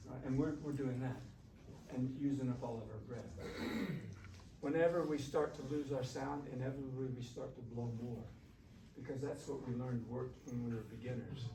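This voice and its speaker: A man leads a shakuhachi workshop at a normal speed, his mid-range voice fairly even in intonation. He's conversational and coaxing, putting questions to the class. The mic is distant in the echoey classroom, giving a roomy sound with slight hiss.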